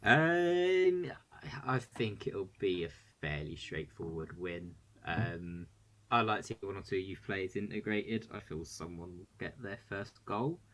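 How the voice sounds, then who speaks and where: A man co-hosting a casual podcast, speaking hesitantly and quietly with many ums. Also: low voice, lively intonation, measured pace. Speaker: podcast co-host. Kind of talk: casual chat.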